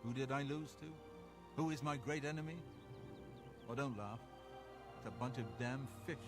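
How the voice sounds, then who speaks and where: An actor playing a weary, defeated fisherman in a video game, talking in a gruff, self-pitying way. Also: mid-range voice, normal speed, music in the background, close to an everyday voice. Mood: rueful.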